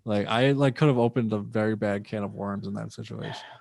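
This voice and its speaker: A man's voice: on the low side, steady tone, brisk, creaky, a little mellow, no room sound, studio quality. A young man, a comedian guest, casually telling a loose, profane story and acting out what people said.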